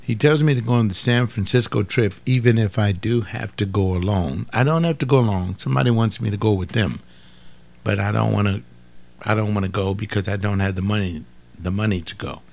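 An older man delivers an informal sermon in a somewhat low voice. He talks in a loose, conversational way and hammers points home by repeating short phrases. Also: brisk, gravelly, darkish tone. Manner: repetitive, emphatic, conversational preaching. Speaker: pastor.

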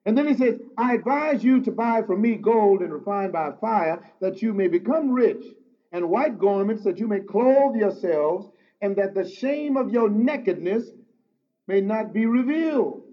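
A man preaching a sermon as pastor, swinging from loud emphatic exclamations to low, intimate asides. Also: expressive, unhurried. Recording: dull lo-fi sound.

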